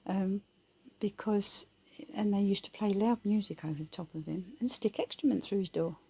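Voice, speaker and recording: A woman's voice: mid-range voice, moderate pace, gravelly, darkish tone, breathy edge. A woman giving her blunt, rambling opinions in casual, colloquial talk.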